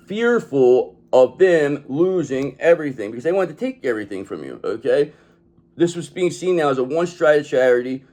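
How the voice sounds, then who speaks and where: A man with a mid-range voice and dark tone gives a tarot reading. He's emphatic and profane, regularly checking in with "okay?".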